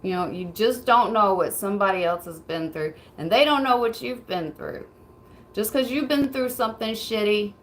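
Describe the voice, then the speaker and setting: A woman's voice: mid-range voice, slight background noise, rough recording. A woman streamer in casual livestream chat, laid-back, swearing freely and laughing often as she reads messages.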